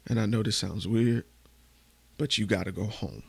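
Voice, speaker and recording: A man podcast host telling a candid, emotional personal story, swearing casually and going hushed at the painful parts. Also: lowish voice, normal speed, creaky, breathy edge, dry recording.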